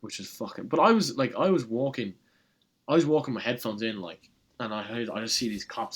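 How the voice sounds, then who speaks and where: Young Irish guy, lowish voice, animated guest telling a story, swears a lot. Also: fairly quick, husky. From Ireland. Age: young adult. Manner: animated, swears freely, uses lots of fillers. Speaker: college tennis player, guest. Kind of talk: casual storytelling.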